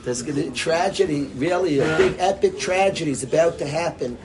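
A man telling a joke and drawing a lesson from it, in a lively, rambling way and sprinkling in Yiddish words. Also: fairly high pitch, fairly quick. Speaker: storyteller and speaker. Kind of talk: animated storytelling talk with a lesson.

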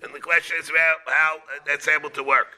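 Bright-voiced rabbi giving a Talmud class. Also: male voice, a little high, steady tone. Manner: halting, repeats words, mixes Hebrew and Aramaic terms into English.

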